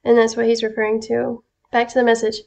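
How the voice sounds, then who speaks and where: A woman's voice: fairly high pitch, completely flat delivery, fast talker, gravelly, warm tone. Woman reading prophecy with emphatic stresses. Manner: slangy, casual address. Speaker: Christian prophetic speaker. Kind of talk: reading out received prophetic messages.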